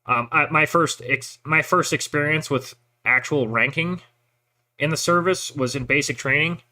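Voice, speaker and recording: Man, bright voice, casual profane chat, rambling, laughs at own stories. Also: fairly high pitch, normal speed. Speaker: veteran chatting with a listener.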